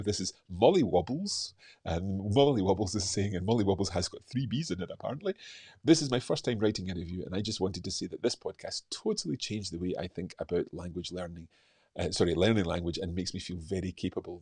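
A man's voice: deep voice, a little mellow, breathy edge, dry recording, studio quality. A man hosting a live podcast stream, chatting casually and reading out listener reviews, with many fillers and restarts.

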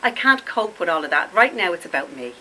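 A woman's voice: lowish voice, very animated, fairly quick, bright, forceful tone, slight background noise, low-quality recording. A woman in her fifties talking bluntly and emotionally in a candid confessional vlog, with swearing. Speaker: vlogger. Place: home in Spain.

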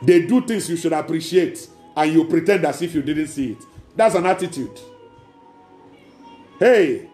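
Male preacher, fairly high yet mellow voice, emphatic repetitive sermon, echoey hall with faint music behind. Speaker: pastor.

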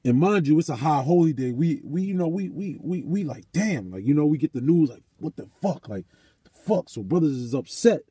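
Husky, dark-voiced man preaching emphatically. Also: a little high, animated, a little fast, few pauses, dry recording. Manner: emphatic, profane, repeats phrases. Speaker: vlogger. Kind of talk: casual storytelling and preaching.

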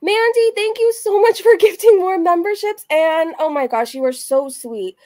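A woman's voice: very high-pitched, moderate pace, darkish tone. A woman live streaming, answering mockingly and thanking viewers in a casual way. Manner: mocking, sarcastic replies.

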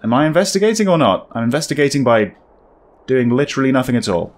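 Man, gameplay commentary, wry, thinks out loud, lively pitch, medium-pitched. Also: fast. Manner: chatty, wry, thinking aloud. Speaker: gaming video creator.

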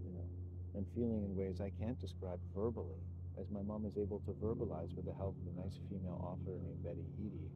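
A man's voice: low-pitched, dull audio, very noisy. A middle-aged man giving an earnest, rambling personal monologue to his channel, swearing when stirred. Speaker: YouTuber.

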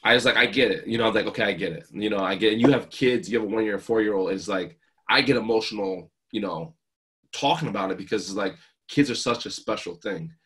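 Talking fast in a fairly low, slightly bright voice, a New Jersey man in his thirties appears as a guest speaker. He tells emotional, sincere stories about his family.

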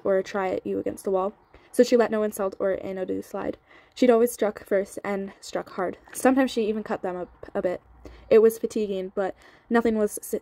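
A woman reading a novel aloud in a steady, even way, with a few slips and restarts, on sped-up audio. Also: mid-range voice, no room sound. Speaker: audiobook reader.

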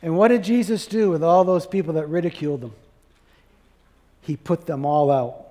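A man with a notably high voice delivers a sermon, pressing his listeners with rhetorical questions. His voice carries a long reverb, as if from a large church sanctuary. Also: normal speed, dark tone. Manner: preaching with rhetorical questions to the congregation. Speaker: pastor.

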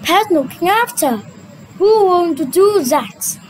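A young adult woman, a native Vietnamese speaker, reading a children's cartoon story aloud in a sing-song, drawn-out way and switching between character voices. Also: very high voice, lively intonation, slight background noise, poor audio. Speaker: storyteller voicing a cartoon retelling.

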